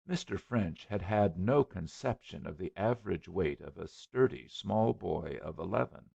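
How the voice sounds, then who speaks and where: Male audiobook narrator, husky, lively intonation, muffled recording. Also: low voice. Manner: measured storybook narration. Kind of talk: scripted narration. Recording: dull lo-fi recording.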